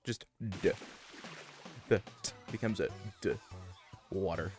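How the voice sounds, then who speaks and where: A talkative man hosts his live game stream, chatting loosely and wandering from thought to thought. His voice sits at an ordinary middle pitch. Soft game music plays quietly underneath. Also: animated, moderate pace. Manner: chatty, digressive, muses about pronunciation. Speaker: livestream gamer. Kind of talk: casual chat to stream viewers.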